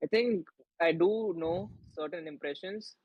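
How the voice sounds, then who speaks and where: A man's voice: sits high, measured pace, breathy edge, dry recording, dull audio. Young Indian man chatting on a stream. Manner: chatty, reads out chat messages. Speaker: co-host of a football watchalong. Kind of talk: casual live-stream chat.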